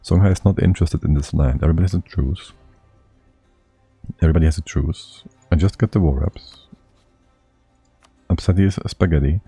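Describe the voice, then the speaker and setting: A man's voice: sits low, moderate pace, long pauses, warm tone, slightly rough, no echo, faint music behind. A man streaming a strategy game live, thinking aloud and muttering to himself as he plays.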